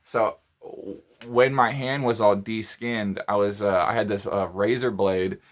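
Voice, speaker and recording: A man's voice: on the low side, steady tone, measured pace. A man telling a story in a casual monologue, rambling, repeating phrases and restarting his sentences. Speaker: podcast host.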